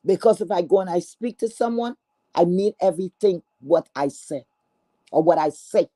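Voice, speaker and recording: This woman's pitch sits fairly low and her tone is dark, yet her intonation stays lively at a normal speed. She's a streamer unleashing a furious, foul-mouthed callout, full of scorn and confrontation, circling back to the same points and restarting with stammers.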